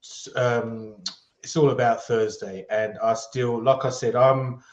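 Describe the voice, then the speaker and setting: A man talking as a guest fan in casual football chat, halting and restarting often but upbeat. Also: mid-range voice, steady tone, a little mellow, reverberant. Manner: hesitant, many fillers and restarts, upbeat.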